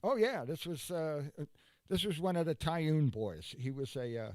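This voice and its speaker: A man talking in a casual chat, halting and full of fillers as he recalls his comedy past. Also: a little high, a little mellow, no room sound, clean studio sound. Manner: halting, full of "uh" and "you know".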